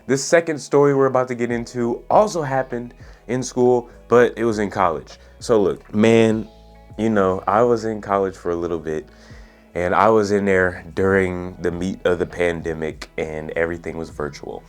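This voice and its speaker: A young man in his twenties telling a story in a casual, laid-back way, using lots of slang and filler words, with a soft, soothing voice. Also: on the low side, steady tone, moderate pace, faint music behind. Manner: laid-back, profane slang, says "bro" and "like" a lot. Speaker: storytelling vlogger. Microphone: USB studio microphone.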